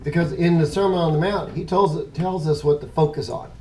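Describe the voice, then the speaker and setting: Middle-aged man, casual Bible teacher, rambling and self-correcting, mellow voice, faint hiss behind. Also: fairly high pitch, steady tone, brisk, rough recording.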